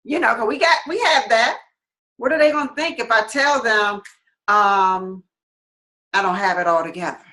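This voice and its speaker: A woman hosting a live-streamed chat, excitable and animated, laughing often as she talks. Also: on the high side, normal speed. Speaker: host. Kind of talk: casual chat. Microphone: online live stream.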